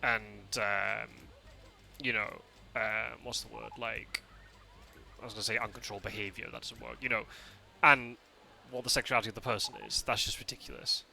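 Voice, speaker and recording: A man's voice: fairly low pitch, steady tone, normal speed, vocal fry, sharp tone. A Scottish man streaming a game live, chatting casually with his viewers, often laughing and restarting his sentences. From Scotland.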